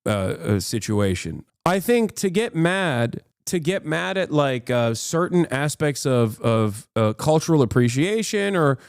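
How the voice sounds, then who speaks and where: A man with a high, sing-song, smooth voice, recorded studio-quality with no room sound, rants combatively while streaming reaction commentary. He goes fast, swears a great deal, cuts his own swear words short, and uses many fillers.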